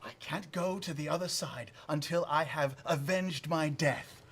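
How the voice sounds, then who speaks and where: A man's voice: fairly high pitch, measured pace, a bit bright, husky. A man playing a tabletop game who eagerly feeds lines to another player.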